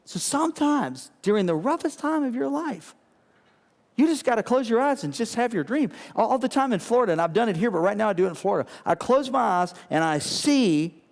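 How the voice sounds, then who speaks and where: High-voiced animated preacher man. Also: in a large hall. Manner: animated, repetitive preaching with call-and-response. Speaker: pastor. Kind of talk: sermon.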